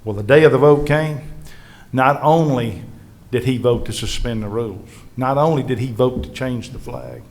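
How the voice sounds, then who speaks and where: A man's gravelly, medium-pitched voice moves at a moderate pace as he, a state legislative leader, shares anecdotes with a live history panel audience. His storytelling is earnest and lively, complete with impressions of colleagues.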